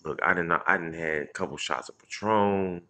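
A man with a very deep voice hosts a live stream and tells a rambling street story. He curses freely, restarts his sentences and breaks off to greet viewers by name. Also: normal speed. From Indianapolis, Indiana. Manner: loose, profane street storytelling with many restarts and shout-outs. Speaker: comedian livestream host.

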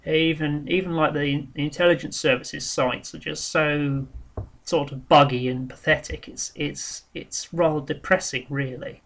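A man's voice: fairly high pitch, fairly even intonation, a little slow, vocal fry, a bit bright. A man speaking in a casual monologue, rambling and frank, with many ums and restarts. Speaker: vlogger.

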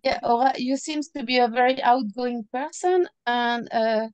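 A woman's voice: fairly high pitch, normal speed, a little mellow, smooth, no room sound. A woman asking careful questions on a video call, with slightly non-native phrasing. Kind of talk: casual video-call interview.

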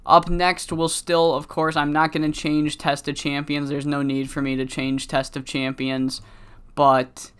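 A let's-play commentator talks over his game in a rambling, profane, casual style packed with fillers. His voice is on the high side, level, a little slow, fairly bright, clear, and resonant, though it cracks because he's sick.

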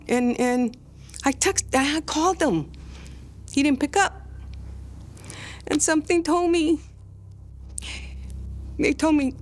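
An older woman, a grandmother, telling her story in a documentary interview, speaking haltingly and emotionally with many restarts. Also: high voice. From Texas.

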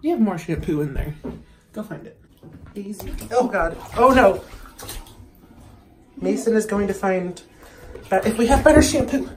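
A man's voice: high voice, expressive, moderate pace, long pauses, reverberant. A young man chatting casually in a vlog, giggly and prone to yelps, recorded in a home bathroom. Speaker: vlogger.

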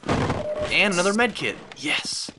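A young man narrates his gameplay with sarcasm, swearing and sudden excited outbursts. His pitch swings widely and stays mid-range. Steady noise and clicks sit under the voice. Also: moderate pace. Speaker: let's play host. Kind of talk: gameplay commentary.

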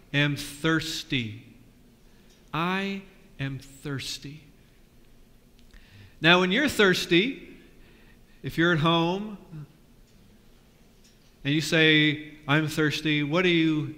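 A man leading a lively children's sermon, asking the kids questions in a church with a balcony. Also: on the high side. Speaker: pastor. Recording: long reverb of a church.

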